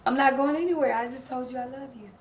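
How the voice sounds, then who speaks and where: Quick-paced and high-voiced, this life coach and show host runs a live-streamed motivational session. She hammers home key phrases, talks straight to viewers, laughs readily, and banters with those present in the room.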